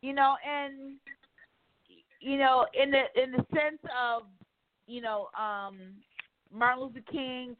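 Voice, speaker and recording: A woman's voice: high voice, takes it slowly, long pauses. Emphatic woman talk host on a tinny line. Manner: animated, emphatic, profane, acts out quotes. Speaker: radio talk show host. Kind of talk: casual opinion talk. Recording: tinny phone-like line, dry.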